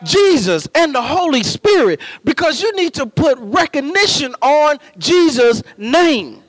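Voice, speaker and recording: Male preacher, very high voice, slow deliberate delivery, dry close sound, impassioned sermon. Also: sing-song, dry recording, poor audio. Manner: impassioned, rising to shouts and drawn-out emphasis.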